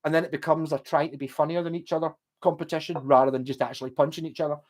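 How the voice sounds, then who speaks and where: A man's voice: on the high side, steady tone, rapid-fire, darkish tone. A man with a posh Glasgow accent, rambling and swearing casually as he chats on a livestream. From Scotland. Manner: chatty, swears, wanders between stories. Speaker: livestream host.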